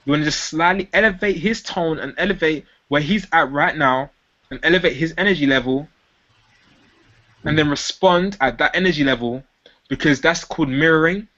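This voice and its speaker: A young man coaching sales technique on a dull, lo-fi recording, his voice pitched a little above most men's. He teaches directly to viewers and keeps stopping to act out sample sales lines, changing his tone to show how each one should sound. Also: moderate pace, sharp tone. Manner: demonstrates sales lines by acting them out in different tones. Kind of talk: instructional talk to camera.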